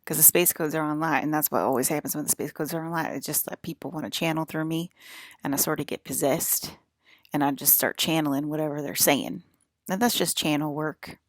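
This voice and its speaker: A low-voiced woman rambles casually to her viewers in a drawling, meandering way. The recording is close and dry, with no room sound behind her. Every so often she pauses to cough before carrying on. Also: steady tone, dry recording. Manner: rambling, drawling, uses y'all and fixing to. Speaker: vlogger.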